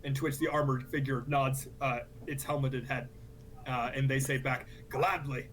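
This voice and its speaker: A man narrating a tabletop game as game master, halting with fillers and laughing often. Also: medium pitch, level tone, a bit bright, slight background noise, rough recording.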